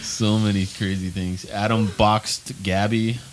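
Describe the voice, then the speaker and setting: A man's voice: fairly low pitch, flat delivery, measured pace, a crowd in the background. A man, a podcast co-host, joking and swearing as he tells stories in casual chat. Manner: joking, profane, laughing.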